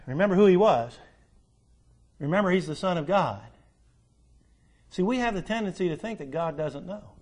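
A man preaching a sermon, swinging between loud urgent appeals and soft hushed asides, drawing out words for emphasis. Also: high-pitched, animated, normal speed, long pauses.

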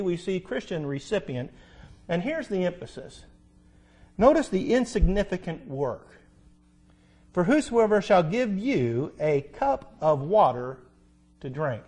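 A man preaching a sermon as pastor, asking rhetorical questions, repeating key phrases and reading scripture slowly. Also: high voice, a little mellow. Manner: quotes scripture slowly and deliberately. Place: church sanctuary.

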